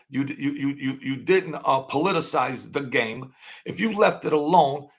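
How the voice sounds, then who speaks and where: A man's voice: mid-range voice, fairly bright tone. A man giving opinionated commentary as a podcast guest, emphatic, with frequent stumbling restarts.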